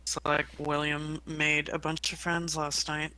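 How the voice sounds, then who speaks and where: A person playing a tabletop game, making dry, unhurried remarks. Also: mid-range voice, monotone, pushed and bright, clear, resonant tone. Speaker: player. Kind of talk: casual tabletop play.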